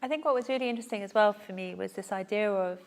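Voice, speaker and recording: A woman's voice: mid-range voice, very fast. A woman hosts an onstage interview in a mid-range voice. She phrases her questions tentatively and conversationally.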